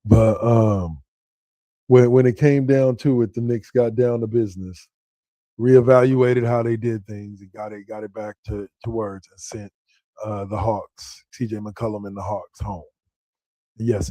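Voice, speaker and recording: A man hosting a sports podcast with a dark, mellow voice, talking loosely and excitedly. He rambles, restarts his sentences and jumps up in pitch when something surprises him. The sound is close and dry. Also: normal speed, dry recording. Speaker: podcast host. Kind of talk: casual sports podcast talk.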